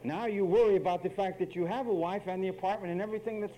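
A man's voice: high-pitched, quick pace, mellow, slight background noise, poor audio. A man preaching a sermon, emphatic and wry, speaking straight to the men and women of his congregation.

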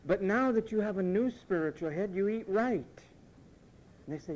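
A man preaching a sermon, emphatic and repetitive, mimicking what others say in quick asides. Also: high-pitched, lively intonation, a little mellow, muffled recording, slight background noise.

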